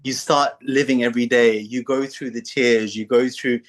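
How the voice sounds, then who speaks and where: A man's voice: mid-range voice, steady tone, normal speed. A man hosting a casual philosophical chat, talking in a playful way and putting on little voices when he tells stories. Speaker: podcast host.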